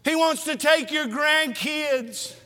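Male preacher, very high, bright, forceful voice, lively exhortation, long hall echo. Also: slow. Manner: animated, exhorting the congregation with rhetorical questions. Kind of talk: sermon.

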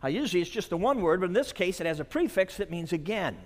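A man preaching a sermon at a conference, dramatic, dropping to a hush and then rising to shouts. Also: high-pitched, lively intonation, fast talker. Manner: dramatic, swings from hushed to shouting. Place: large conference hall. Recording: long reverb of a large hall.

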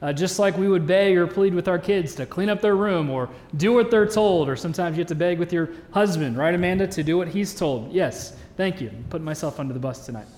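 A man's voice: high voice, brisk, hardly any pauses, a little mellow. A man in his thirties, a pastor, preaching a sermon in a church hall in an earnest, conversational way with joking asides. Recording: reverberant church hall sound.

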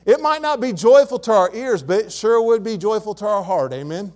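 Older man preaching with high pitch. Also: expressive, fairly quick, darkish tone. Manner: emphatic, repeats key words. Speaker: pastor. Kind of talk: sermon.

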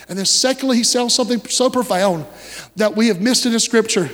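Brief: thirties male pastor, very high voice, folksy animated sermon, long church echo. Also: brisk. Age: 30s. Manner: folksy storytelling preacher, animated, asks listeners directly.

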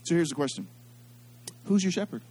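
A middle-aged man preaches a sermon in a notably high voice. He speaks in an animated, repetitive way and keeps calling on the congregation to say lines back with him. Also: fairly quick, slightly rough. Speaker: pastor.

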